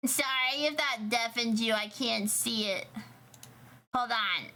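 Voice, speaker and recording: A young woman streamer chatting casually with her viewers, rambling, swearing and getting excited. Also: fairly high pitch, slow pace. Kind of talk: casual livestream chat.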